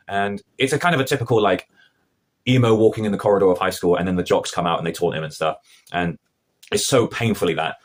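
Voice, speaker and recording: Male reviewer, sarcastic and animated, quick husky delivery. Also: low-pitched. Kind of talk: casual review rant.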